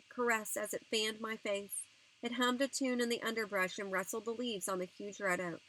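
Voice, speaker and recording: A woman narrating a novel as an audiobook reader, in a gentle, earnest storytelling manner. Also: mid-range voice, low-quality recording.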